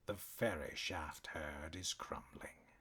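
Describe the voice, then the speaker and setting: Male narrator doing a hulking black cat warlord: deep, gravelly, slow, breathy near-whisper threats, audiobook. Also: lively intonation, exaggerated voice. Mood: quietly menacing. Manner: slow, soft-spoken threats, growling.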